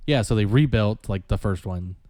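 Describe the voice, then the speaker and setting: Laid-back young man, dark voice. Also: on the low side, moderate pace, dry recording. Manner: laid-back, rambling storyteller. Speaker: podcast co-host. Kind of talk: casual chat.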